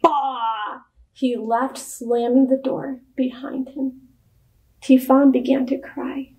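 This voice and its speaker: A woman reads a children's story aloud in a clear, expressive storytelling voice. Her voice sits high, and she takes an unhurried, deliberate pace. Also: low-quality recording.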